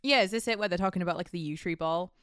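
A woman's voice: fairly low pitch, racing, a bit bright, smooth, no echo, studio quality. A woman co-hosting a podcast in casual chat, rambling with many fillers and laughing easily. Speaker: podcast co-host.

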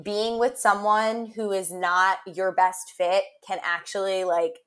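A woman's voice: mid-range voice, level tone. A young woman co-hosting a podcast in candid casual chat, agreeable and self-deprecating. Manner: agreeable, quick to back up her co-host, self-deprecating. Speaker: podcast co-host.

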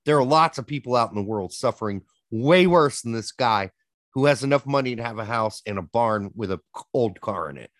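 A man's voice: medium pitch, a bit bright, no room sound, clean studio sound. A man co-hosting a soccer podcast, telling stories and ranting with plenty of swearing in casual chat. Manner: profane, ranting storyteller.

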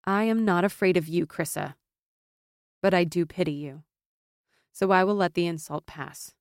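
A woman's voice: lowish voice, moderate pace, clean tone, no room sound, clean studio sound, close to an everyday voice. A woman voicing a proud young noblewoman who speaks in a firm, commanding, contemptuous way.

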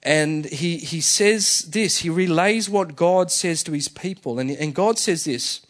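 A man's voice: on the high side, unhurried, few pauses. A male senior pastor giving a sermon in a conversational way, often restarting his phrases. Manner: conversational, with frequent fillers and restarts.

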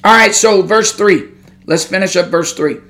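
A man preaching a podcast sermon in a folksy drawl, his voice sitting high for a man. He talks straight into the microphone, speaking plainly and with emphasis, and pushes hard with fervent intensity. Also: normal speed, fairly bright tone. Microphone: studio microphone.

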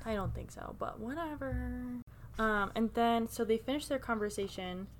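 A woman's voice: fairly high pitch, normal speed, a loud crowd. A woman co-hosting a podcast, chatting casually about a book, reading lines aloud and teasing them. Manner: playful, reads quotes aloud with teasing asides. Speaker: podcast co-host. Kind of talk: casual book-club chat.

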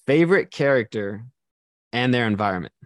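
Relaxed podcast host asking questions. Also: medium pitch, a little fast, dry recording, studio quality. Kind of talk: podcast interview.

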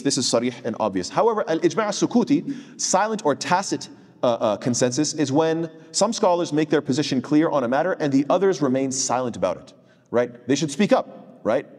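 A man teaching an Islamic studies class at a quick pace, mid-pitched. He gets animated and wanders into tangents, quoting Arabic before explaining it. His voice carries a long hall reverb. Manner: animated, digressive, quotes hadith in Arabic. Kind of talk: lecture.

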